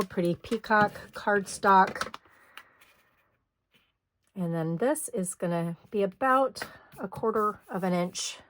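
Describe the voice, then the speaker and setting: A middle-aged woman talks viewers through a scrapbooking project at a slow, easy pace, her voice a touch low and slightly hoarse. She chats as she works, stopping now and then to clear her throat. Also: no echo. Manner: chatty, talks while working, frequent throat clearing. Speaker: scrapbooking host. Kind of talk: hands-on craft tutorial.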